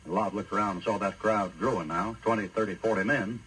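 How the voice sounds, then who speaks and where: A man's voice: on the low side, steady tone, brisk, fairly bright tone, a little hiss or hum, rough recording. A man preacher retelling a Bible story in a colloquial, folksy sermon style.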